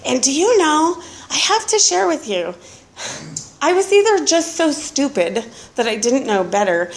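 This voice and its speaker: A middle-aged woman speaking at a recovery meeting, telling her story candidly and profanely, with animated retellings and bursts of laughter. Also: on the high side.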